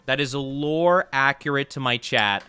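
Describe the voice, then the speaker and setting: A man's voice: medium pitch, unhurried, sharp tone, clean tone, soft background music. A man streaming a video game live, chatting with his viewers and playfully, flusteredly denying their teasing. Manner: playful, flustered denials when chat teases. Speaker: VTuber streamer. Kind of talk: live gameplay stream commentary, reading chat.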